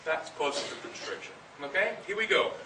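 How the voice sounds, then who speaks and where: A man leading a band through a breathing warm-up as director, explaining each step and then calling the counts out loudly and firmly. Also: on the high side, moderate pace. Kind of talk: instructional coaching with counted exercises. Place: large rehearsal room with a band. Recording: echoey room, far from the mic, audible hiss.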